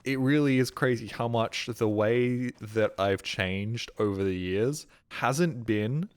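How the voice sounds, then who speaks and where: A man's voice: medium pitch, takes it slowly, clear, resonant tone. A man streaming a game, chatting casually in a rambling, sweary, self-mocking way. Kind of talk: casual live-stream chat. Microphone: streaming microphone.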